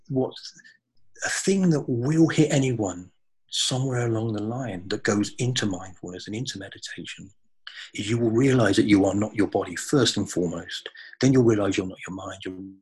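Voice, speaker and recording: Man, raspy breathy voice, earnest, reflective, podcast chat. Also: lowish voice, moderate pace, darkish tone, rough recording. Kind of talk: spiritual conversation.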